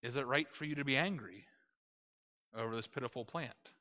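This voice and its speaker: A man doing a calm, soft-spoken God. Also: medium pitch, long reverb tail, lightly acted. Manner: soft, measured questions. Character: calm, patient God questioning a prophet.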